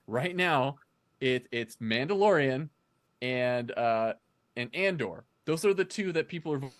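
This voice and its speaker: A man's voice: mid-range voice, lively intonation, measured pace. A man hosting a casual fan discussion podcast, chatty and explaining things at length with frequent restarts.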